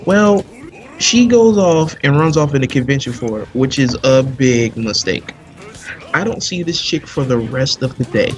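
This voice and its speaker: A man telling a long story in casual chat during a live game stream, animated and full of slang. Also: mid-range voice, moderate pace. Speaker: stream commentator.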